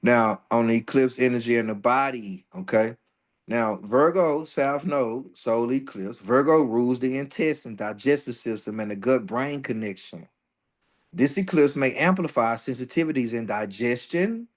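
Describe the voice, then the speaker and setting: A man teaching an astrology workshop in a loose, profane, joking way. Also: medium pitch. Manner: loose and profane, jokes and laughs between readings. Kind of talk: casual astrology workshop talk.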